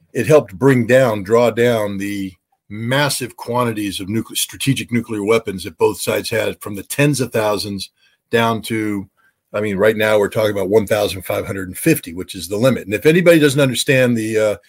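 Husky-voiced former weapons inspector. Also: male voice, fairly low pitch. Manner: halting with many fillers, lively when quoting others. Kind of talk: expert commentary.

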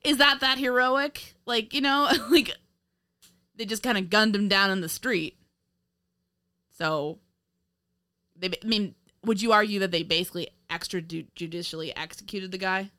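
Woman podcast co-host, bright tone, rambling and giggly film chat. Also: medium pitch, fairly even intonation, unhurried, pauses often. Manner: rambling, laughs often, many fillers and restarts. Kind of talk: casual film review chat.

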